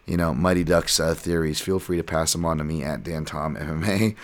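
A man's voice: rumbling low, steady tone, a little fast. A man hosting a podcast in a casual, rambling monologue that wanders off on tangents. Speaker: podcast host.

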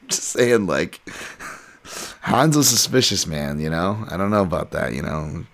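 Podcast host, man, very low gravelly voice, rambling casual delivery. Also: expressive, unhurried, a bit bright. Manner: rambling, goes off on tangents.

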